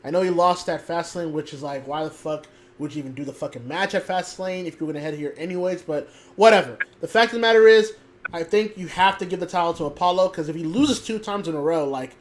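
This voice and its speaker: A man on a podcast panel who talks bluntly and swears through his opinions. His voice sits a bit high for a man. Faint noise hums underneath. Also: quick pace. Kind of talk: casual chat.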